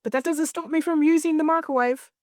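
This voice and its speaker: A woman's voice: high voice, brisk, dry recording, studio quality. Blunt, swearing woman. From Australia. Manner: blunt, swears freely, animated storytelling. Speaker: guest, clinical hypnosis director. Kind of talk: candid interview talk.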